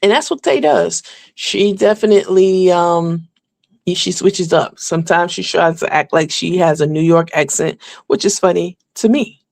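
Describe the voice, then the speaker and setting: Gravelly-voiced woman hosting celebrity gossip. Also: on the low side, normal speed, darkish tone, dry recording, clean studio sound. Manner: candid and blunt, frequent filler words. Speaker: gossip show host. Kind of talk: casual celebrity gossip commentary.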